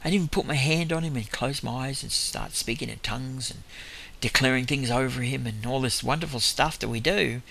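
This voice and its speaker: Australian man, gravelly and bright, telling testimony tales that ramble, with frequent chuckles. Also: medium pitch, brisk, a little hiss or hum. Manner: chuckles between anecdotes; rambling, self-correcting. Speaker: lay minister. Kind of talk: storytelling testimony.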